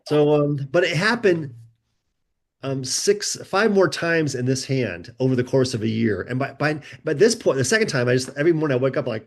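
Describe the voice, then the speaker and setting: A middle-aged man, a guest author on a podcast, telling personal stories in a lively conversational way and recounting dialogue as he goes. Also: a little high, moderate pace. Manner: animated storyteller, recounts conversations in a lively back-and-forth. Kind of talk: conversational storytelling.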